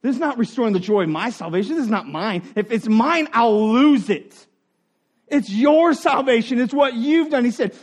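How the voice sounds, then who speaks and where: A middle-aged man preaching a sermon in an earnest, conversational way, dropping to quiet asides and rising for emphasis. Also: extremely high pitch, expressive, normal speed. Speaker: pastor.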